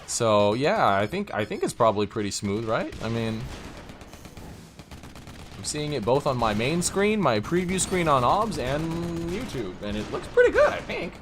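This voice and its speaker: Animated rambling man commentating a game. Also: mid-range voice, measured pace, a little hiss or hum. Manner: rambling, self-interrupting, chuckles often. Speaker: streamer casting a strategy game.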